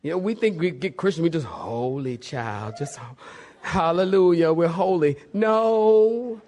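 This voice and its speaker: Animated, playful male pastor. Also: fairly high pitch, unhurried. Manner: animated, playful, acts out voices. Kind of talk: sermon.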